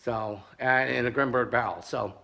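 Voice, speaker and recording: A man's voice: medium pitch, fairly even intonation, moderate pace, vocal fry, sharp tone. A man who sells and tests pepperball guns, ranting angrily and with heavy swearing about a rival seller. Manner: angry, profane, sarcastic ranting. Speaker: pepperball gun seller and reviewer. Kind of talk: ranting while test firing.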